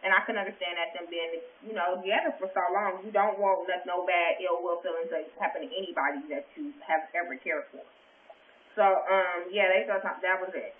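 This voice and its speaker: A woman's voice: fairly low pitch, fairly even intonation, fairly quick, a little hiss or hum. A woman bluntly recapping a TV episode in a casual, gossipy way, swearing freely. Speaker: TV recap vlogger. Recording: echoey, tinny phone-like sound.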